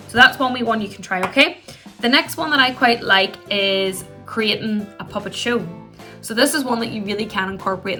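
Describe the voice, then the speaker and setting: Woman, casual teaching tone, mid pitch, soft music bed. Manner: chatty, acts out gentle puppet voices. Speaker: play therapist. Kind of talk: instructional talk to camera.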